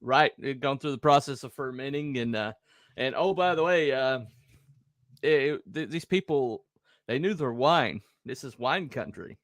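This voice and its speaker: A man hosting a casual chat, telling a story in a lively way, acting out quotes in raised voices and laughing often. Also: mid-range voice, unhurried, no room sound, clean studio sound. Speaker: host.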